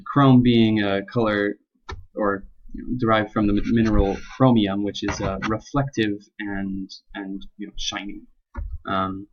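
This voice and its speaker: A young man talks through his reading of a poem, stopping often with ums and starting his sentences over. His voice sits on the low side, and the recording sounds dull and lo-fi. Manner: halting, many ums and restarts. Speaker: student presenting a poem analysis. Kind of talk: unscripted spoken explication.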